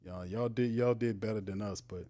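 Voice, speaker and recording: Animated New man hosting sports talk. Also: on the low side, moderate pace. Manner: animated, teasing banter with viewers in the chat; loose slangy talk with frequent laughs. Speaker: sports show host. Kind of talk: casual livestream sports talk.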